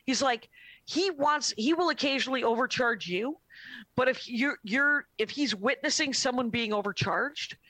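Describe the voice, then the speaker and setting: A woman comedian casually telling a long, animated story on a podcast, often quoting her dad. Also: on the high side, normal speed, no echo. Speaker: comedian guest.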